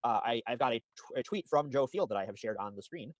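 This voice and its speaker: A man's voice: medium pitch, expressive, fast, dry recording. A man in a played stream clip, explaining insistently and getting worked up. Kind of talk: casual stream discussion.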